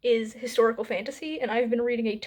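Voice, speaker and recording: A woman's voice: fairly high pitch, steady tone, a little mellow. Chatty upbeat young woman book vlogger. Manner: chatty and upbeat, with little laughs and quick asides. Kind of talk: casual reading vlog. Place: at home, indoors.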